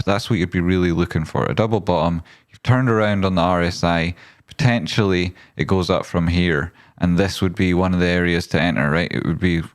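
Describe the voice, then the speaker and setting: Profane, rambling man, low voice. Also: no room sound, studio quality. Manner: rambling, profane and jokey, often slipping into silly voices; reads viewer chat aloud. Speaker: stock market livestream host. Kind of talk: casual live-stream commentary.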